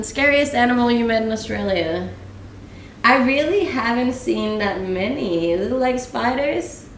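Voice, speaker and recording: Her voice a little high, a young woman from Denmark chats casually with live-stream viewers, laughing frequently and using lots of fillers as she answers their questions. The room echoes, the mic is a bit far off, and a faint hiss or hum is audible.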